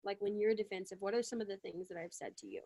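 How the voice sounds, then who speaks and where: A woman co-hosts a casual coaching Q&A over a video call. She speaks frankly, explaining herself step by step in a voice of ordinary pitch. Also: fairly even intonation, fast talker, dark tone. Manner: candid, explanatory, frank about feelings. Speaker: relationship coach, co-host. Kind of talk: casual conversational Q&A.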